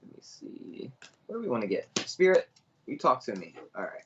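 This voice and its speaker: A man's voice: mid-range voice, sing-song, moderate pace, highs cut off, very noisy. A man giving a live online psychic reading, earnest and chatty as he speaks straight to viewers. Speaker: psychic medium reader.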